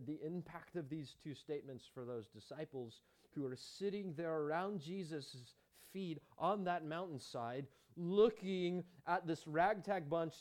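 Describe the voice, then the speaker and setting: A man's voice: a little high, darkish tone. A man preaching a sermon as pastor, emphatic, with rhetorical questions and chatty asides to the congregation.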